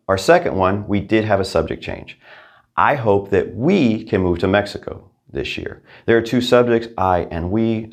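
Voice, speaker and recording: Male language teacher, deep voice, upbeat, clear repetition drills. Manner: upbeat, repeats each practice sentence twice. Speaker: Spanish teacher. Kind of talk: language lesson.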